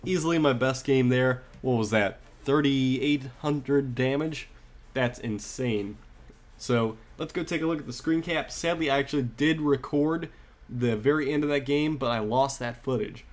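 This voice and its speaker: A man talks casually over footage of his own game, rambling and full of fillers. He gets worked up and excited as he goes. His pitch sits in the ordinary middle range for a man. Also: moderate pace. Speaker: gaming commentator. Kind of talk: casual gameplay commentary.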